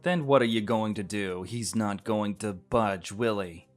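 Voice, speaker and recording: A man's voice: lowish voice, measured pace, soft background music, close to an everyday voice. Man voicing a worried loyal companion. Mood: doubtful. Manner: anxious, protective.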